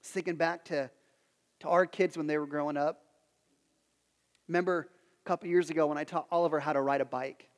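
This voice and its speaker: A man in his thirties preaching a sermon, earnest, who repeats phrases and goes soft for prayers. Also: a little high, steady tone, brisk, pauses often. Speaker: pastor. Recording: long hall reverb with soft music behind.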